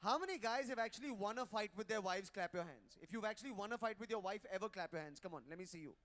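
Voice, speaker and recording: Male stand-up, high voice, teasing crowd work at a hotel ballroom event. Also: lively intonation, fast, a bit bright. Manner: brash, teasing, crowd-roasting. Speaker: stand-up comedian. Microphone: handheld mic.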